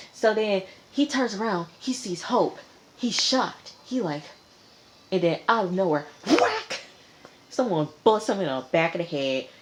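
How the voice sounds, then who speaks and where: A woman's voice: low voice, slight background noise. A woman giving a casual vlog recap of a TV episode, retelling it dramatically and animatedly, repeating phrases for effect. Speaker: TV episode reviewer.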